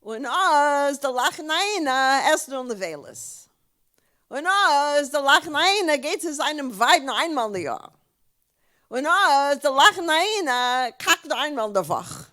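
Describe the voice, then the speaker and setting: A woman's voice: sits high, very animated, a little slow, sharp tone, full character voice. A woman playing an old Yiddish-speaking father who pleads in a mix of Yiddish and English, growing exasperated.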